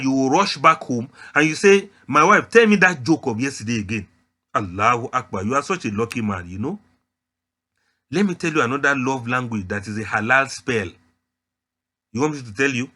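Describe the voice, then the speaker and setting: A man's voice: mid-range voice, sharp tone. A man with a Nigerian accent giving an Islamic lecture. He speaks emphatically, teases his listeners and addresses them directly.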